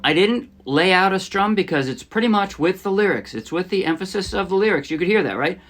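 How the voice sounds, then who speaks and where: A man teaching a ukulele arrangement in a relaxed, chatty tutorial style. He explains each step and often checks in with the viewer. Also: high-pitched, brisk, faint music behind. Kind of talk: casual music tutorial. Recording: loud ukulele playing under the speech. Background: his own ukulele playing under the voice.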